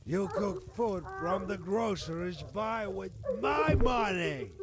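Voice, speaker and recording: A man's voice: high-pitched, lively intonation, takes it slowly, a loud crowd. A bitter, worn-out father. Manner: resentful, rising to shouts. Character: bitter weary father arguing with his wife. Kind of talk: game voice acting. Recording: under loud game noise.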